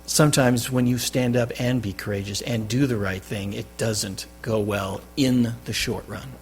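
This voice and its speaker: Male pastor, emphatic sermon delivery, medium pitch, faint hum behind. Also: fairly even intonation, normal speed. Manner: emphatic, swinging between loud stresses and quiet drops. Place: church.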